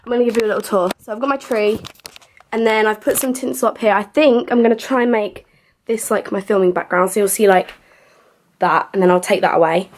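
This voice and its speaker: A young woman films herself on a handheld camera in her bedroom at home for a casual vlog. Her mid-range voice moves quickly in chatty, rambling talk, and she sounds slightly out of breath.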